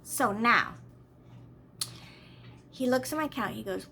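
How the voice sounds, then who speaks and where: A woman's voice: fairly high pitch, slow pace, creaky, pauses often, sharp tone, a little hiss or hum. A woman vlogger telling a rambling, exasperated story in a casual way, often repeating herself.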